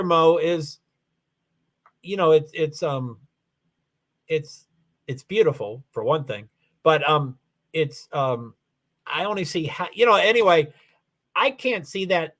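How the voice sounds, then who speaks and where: Here an American livestream host from Louisville, Kentucky, with a faint Southern accent, chats casually on a solo stream. His voice is slightly high and fairly bright, and he rambles and hesitates, with many restarts and asides.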